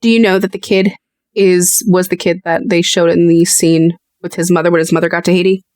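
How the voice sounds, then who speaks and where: Animated, swearing woman co-host. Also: lowish voice, fairly quick, no echo, clean studio sound. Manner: animated, swears freely, acts out quotes. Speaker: podcast co-host. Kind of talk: casual chat.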